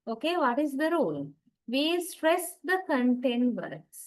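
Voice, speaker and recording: A woman's voice: high voice, big pitch swings, measured pace, poor audio. A woman lecturing on English grammar in an online class, patiently repeating her key points and checking in with her students.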